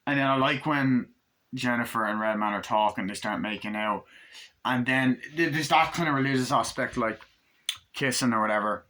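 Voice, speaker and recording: A man's voice: medium pitch, normal speed, pushed and bright, a little hiss or hum. A man reviewing a movie in a casual, rambling recap, full of "like" and quoted lines. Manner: rambling, retells scenes with lots of "like" and quoted lines.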